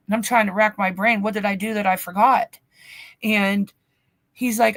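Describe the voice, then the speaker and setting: A middle-aged woman co-hosting a podcast, telling a family story in an animated, swearing way and acting out the quotes. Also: mid-range voice, normal speed, no room sound. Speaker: podcast co-host. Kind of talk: casual storytelling chat. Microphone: podcast mic, remote stream.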